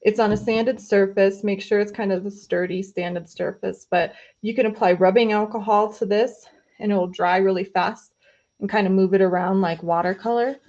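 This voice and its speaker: A woman's voice: mid-range voice, fairly even intonation, normal speed, a little mellow. A woman chatting casually on a live stream while she paints, reading viewer comments and talking through her pastel work with many fillers. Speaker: host of an art live stream. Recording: slightly dull, lo-fi stream audio.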